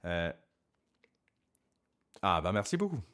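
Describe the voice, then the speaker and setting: Chatty low-voiced man streaming. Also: big pitch swings, slow pace. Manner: rambling, self-mocking, with sudden loud high outbursts. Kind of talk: casual live-stream chat. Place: living room at home.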